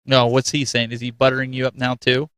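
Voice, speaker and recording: An animated male host chats casually and mocks himself, laughing often. His voice sits in a middle range and sounds close and dry. He says he is getting a cold. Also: mid-range voice, fast talker, smooth, dry recording. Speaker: show host. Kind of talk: casual live-stream chat.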